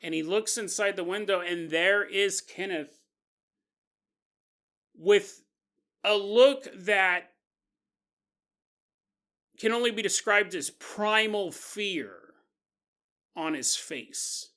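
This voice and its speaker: A man hosting a podcast, telling a spooky story in an animated, conversational, jokey way. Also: sits high, takes it slowly, long pauses. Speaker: podcast host. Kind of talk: storytelling narration.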